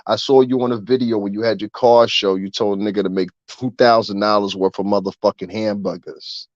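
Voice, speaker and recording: A man talking straight to camera in a profane, rambling rant about the music industry, getting louder and more animated as he goes. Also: lowish voice, fairly quick, dry recording, muffled recording. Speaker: vlogger. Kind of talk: ranting commentary.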